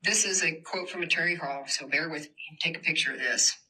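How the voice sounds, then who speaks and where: A woman's voice: sits low, brisk, pushed and bright, breathy edge. A woman giving an impassioned public presentation in a university hall, addressing the audience directly. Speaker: community organizer giving a talk.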